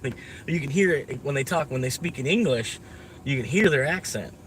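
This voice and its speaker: A man's voice: medium pitch, expressive, a little fast, noisy background. Rambling, cussing American man. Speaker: vlogger. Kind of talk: casual rambling chat. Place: inside a moving vehicle.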